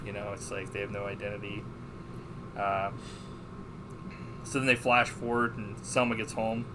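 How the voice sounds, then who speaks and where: A man co-hosting a podcast who retells a movie's plot in a casual, animated way, full of swearing and fillers. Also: on the low side, normal speed, noisy background. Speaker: podcast co-host. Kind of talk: casual movie review chat.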